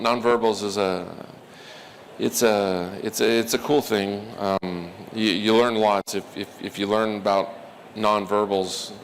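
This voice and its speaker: A man putting on a dull, hesitant speaker who talks low and in a monotone, stumbling over his words. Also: gravelly, a little hiss or hum.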